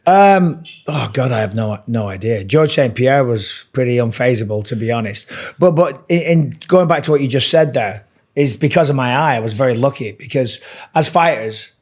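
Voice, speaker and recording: A man's voice: medium pitch, lively intonation, moderate pace, a little mellow. English man telling stories. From England. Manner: chatty storyteller, swears freely. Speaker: guest, former fighter and commentator. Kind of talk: casual chat.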